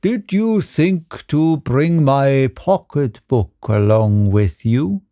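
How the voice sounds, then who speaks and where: A man's voice: mid-range voice, expressive, slow, dark tone, no room sound, clean studio sound. A man voicing a sly, contented old man who speaks mildly and hesitantly. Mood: sly contentment. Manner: mild and hesitating.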